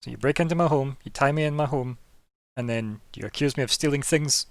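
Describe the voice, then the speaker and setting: A man putting on a grumpy, suspicious male lord who lives in a cave, raised well above his usual pitch and loud. He snaps out indignant, defensive questions in a tabletop game. The sound is dry, with little room echo. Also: unhurried, lightly acted.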